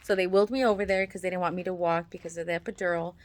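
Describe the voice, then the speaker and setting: A woman's voice: lowish voice, fairly even intonation, very fast. Chatty woman telling a personal story. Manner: chatty, heavy use of "like" fillers, acts out quoted voices. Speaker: mother telling a birth story. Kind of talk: casual storytelling to camera.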